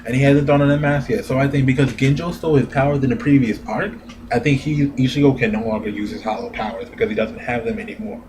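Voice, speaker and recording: A man giving a casual, profane anime review rant, animated and laughing often. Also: mid-range voice, fast, noisy background. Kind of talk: casual ranting commentary.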